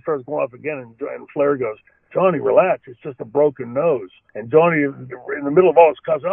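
A man's voice: mid-range voice, a little fast, creaky, no echo. Man rambling stories over a tinny line. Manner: rambling, frequent "you know" and restarts. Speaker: former pro wrestler telling stories. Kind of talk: storytelling interview answers. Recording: dry, tinny phone-like line.

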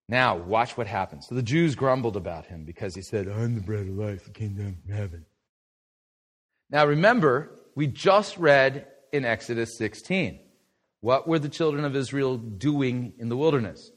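A middle-aged pastor with a medium-pitched voice leads a Bible study at a moderate pace. His sermon lesson is lively and conversational, and he poses questions to his listeners and then answers them himself.

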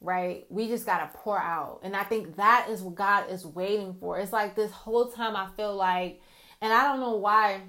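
A woman's voice: mid-range voice, moderate pace, bright, forceful tone. A woman talking openly and earnestly to her viewers about prayer and her faith, in a confiding, casual way. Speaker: Christian vlogger sharing testimony. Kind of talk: heartfelt casual faith talk.

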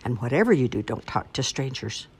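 A woman's voice: extremely low pitch, big pitch swings, a little fast, a little mellow, slightly rough, full character voice. A woman doing a firm storybook mom. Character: caring country mother giving firm warnings.

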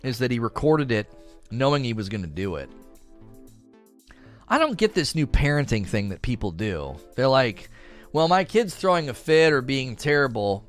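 A man's voice: medium pitch, normal speed, faint music behind. A young man casually telling a story about an angry customer, acting out the voices and laughing often. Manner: animated, acts out quoted voices, laughs often. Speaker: storyteller recounting a customer encounter.

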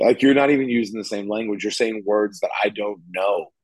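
A man co-hosting a casual chat, animated and quick to laugh. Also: on the low side, no room sound, poor audio. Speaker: podcast co-host. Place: California.

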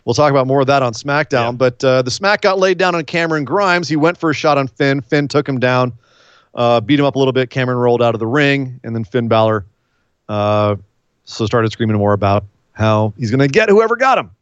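A man's voice: medium pitch, a little fast, smooth, dry recording. Man, casual wrestling recap chat, rambling, dry slightly muffled recording. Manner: rambling, animated, acts out wrestlers' lines. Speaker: wrestling podcast co-host.

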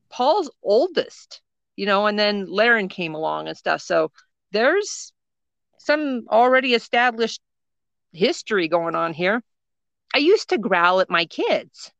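Woman, middle-aged, podcast co-host, casual storytelling, bright tone, dry close sound. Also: medium pitch, slow pace, pauses often, dry recording, highs cut off. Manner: animated storyteller, laughs often.

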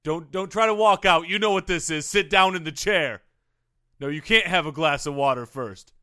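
A man's voice: a little high, normal speed, pushed and bright. A man voicing an emotional male football coach who argues with himself in a comedy podcast sketch. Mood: impatient. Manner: rambling and increasingly frantic.

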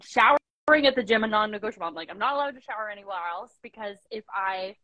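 A woman's voice: mid-range voice, lively intonation, quick pace, pushed and bright, no room sound, highs cut off. Young woman rambling on a video call, lots of likes, dry close sound. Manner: chatty, many fillers and quoted asides. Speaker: coaching client, business owner. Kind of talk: casual video-call chat.

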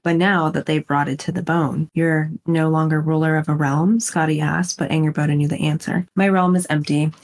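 A woman with a low voice reads long stretches of a novel aloud on a book-club podcast. Between the passages she breaks off for short, casual remarks with her co-host. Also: steady tone, normal speed, few pauses. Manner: reads long passages steadily, chats briefly between them.

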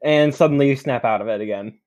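Male game master, calm plain narration, dry recording. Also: medium pitch, fast talker, no room sound, muffled recording. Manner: calm, matter-of-fact rulings.

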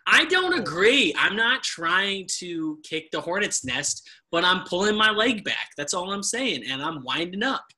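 A man's voice: sits high, expressive, a little slow, few pauses, sharp tone. A man co-hosting a live podcast, teasing and joking in casual chat. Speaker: podcast co-host.

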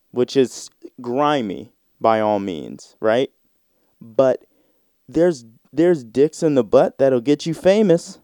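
A man's voice: medium pitch, dark tone, dry recording, studio quality. Man riffing through a comedy podcast monologue. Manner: acts out voices in quick skits, swears freely. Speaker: podcast host.

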